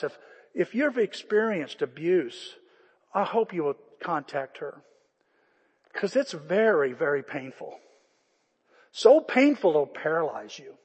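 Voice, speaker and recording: A male pastor preaching a sermon, impassioned, swinging from loud calls to hushed pleas. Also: high voice, husky. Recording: echoey church hall.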